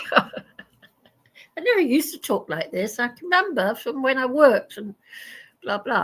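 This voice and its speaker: Woman chatting on a live panel, high voice that swoops a lot, laughs a lot. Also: sing-song, slow, long pauses, fairly bright tone, low-quality recording. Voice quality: high-pitched. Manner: giggly, talkative. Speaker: panel guest. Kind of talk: casual live panel chat.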